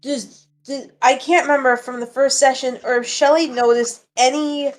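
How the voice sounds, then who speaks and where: A woman's voice: high voice, fairly even intonation, normal speed. A woman player describing her character's actions in a tabletop game, rambling and hesitant.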